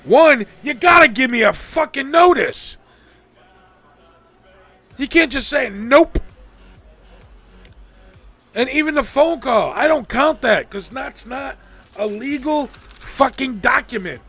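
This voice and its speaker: A man with a high, gravelly voice rants on his live stream, swearing freely and mimicking the people who wronged him. His tone is bright and sharp. Faint music plays behind him. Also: animated, takes it slowly, pauses often. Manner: angry, profane venting with mocking quoted voices. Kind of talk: ranting casual talk.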